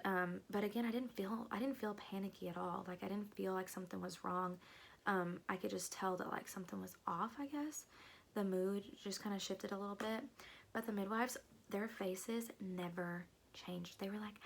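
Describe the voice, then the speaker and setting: A young woman talks casually to her viewers, full of fillers and sudden hushed asides. Her voice carries a noticeable creaky fry, and her pitch sits right in the middle for a woman. The delivery is loose and conversational, like a long chat with a friend. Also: slight background noise. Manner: chatty, many "like" fillers, drops to hushed asides. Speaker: vlogger. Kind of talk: casual storytelling.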